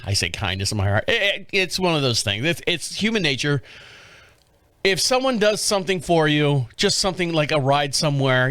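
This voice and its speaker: A middle-aged man rambles through a story on his podcast, stumbling over restarts and chuckling as he goes. His fairly high voice swings widely in pitch. The recording is dry, with no room sound. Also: fairly bright tone, clean tone, no echo. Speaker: podcast host. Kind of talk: casual storytelling monologue.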